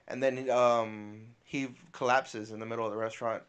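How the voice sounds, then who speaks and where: A man's voice: medium pitch, normal speed, clean tone. A man retelling a story in casual podcast chat, swearing freely and getting emotional. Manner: animated, swears a lot, gets emotional. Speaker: podcast co-host.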